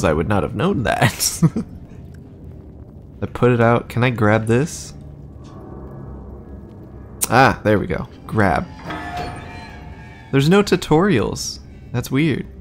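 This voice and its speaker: A man's voice: medium pitch, slight background noise. A man streaming a horror game, chatting casually and reacting aloud as he plays, swearing now and then. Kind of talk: casual gameplay commentary.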